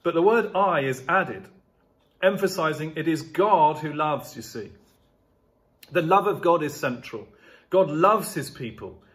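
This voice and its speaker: A pastor preaching a sermon, stressing key words and driving home points through rhetorical repetition. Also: male voice, on the high side, expressive, a little slow, fairly bright tone.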